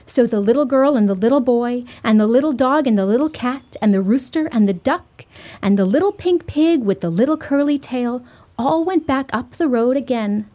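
Storytime host: woman, high lively read-aloud voice for little kids. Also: moderate pace. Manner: bright, sing-song storyteller voice for small children. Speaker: storytime host reading to children.

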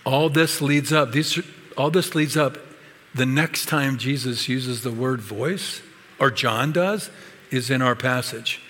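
A man's voice: medium pitch, slow pace, a bit bright. A man preaching a sermon as pastor, with an emphatic, varied delivery. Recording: long hall reverb.

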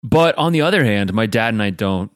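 A man's voice: fairly low pitch, animated, a little fast, no echo. A young adult man co-hosting a podcast, talking casually with a dry, joking and reflective manner. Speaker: podcast co-host.

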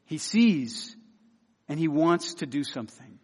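A man's voice: on the high side, expressive, measured pace, breathy edge. Earnest preacher man in a reverberant hall. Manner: earnest, building emphasis with repeated phrases and soft pleading quotes. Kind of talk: sermon.

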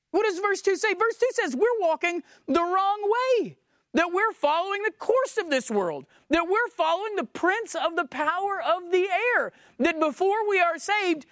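A woman's voice: extremely high pitch, no room sound, clean studio sound. A woman preaching a sermon, emphatic and full of rhetorical questions.

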